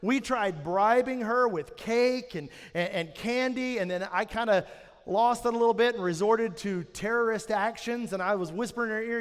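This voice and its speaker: A man's voice: high voice, moderate pace, clear, resonant tone. A man in his thirties preaching a sermon to a church, telling family stories with self-mocking humor. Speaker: pastor. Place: church auditorium. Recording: reverberant hall.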